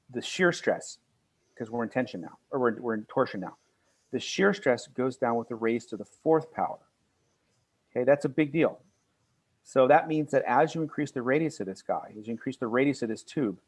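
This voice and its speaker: Guy lecturing a class, stops and restarts a lot, mid-pitched voice, kinda earnest. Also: darkish tone, husky. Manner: halting, many restarts and fillers, earnest. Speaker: university lecturer.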